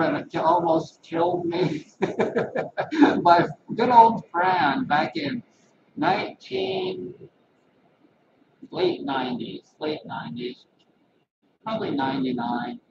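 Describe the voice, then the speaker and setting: His voice sits high and sounds gravelly, slow and broken by frequent pauses. A massage therapist, he rambles animatedly to his webcam at home with folksy asides, like a casual vlog. Loud background noise and distant, echoey lo-fi webcam sound fill the recording.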